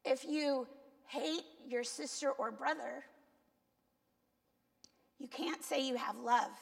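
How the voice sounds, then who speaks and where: Woman pastor, Cuban accent, chatty sermon delivery with a gravelly edge, long church reverb. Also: high-pitched, slow pace, pauses often. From Cuba. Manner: conversational, self-deprecating, asks the congregation. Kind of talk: sermon with congregation questions.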